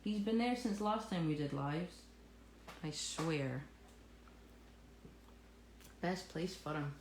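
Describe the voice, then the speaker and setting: A woman with a lower voice runs a live cake tutorial, chatting and joking at her own expense as she works. Her voice rings in a roomy studio with faint ambience in the background. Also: lively intonation, slow, noisy background. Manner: jokey, self-mocking, chatty. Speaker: cake decorating instructor. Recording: echoey room with faint ambience.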